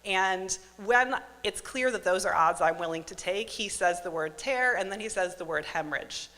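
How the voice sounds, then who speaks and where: A woman's voice: mid-range voice, animated, normal speed, fairly bright tone. A woman in her thirties telling a wry, self-mocking true story on stage at a live storytelling event. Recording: live hall with long reverb.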